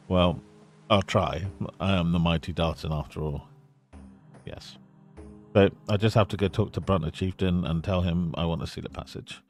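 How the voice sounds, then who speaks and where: Low-voiced joking man streaming a game. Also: fairly even intonation, normal speed, a little mellow. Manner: casual, joking. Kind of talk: let's play with read-aloud dialogue.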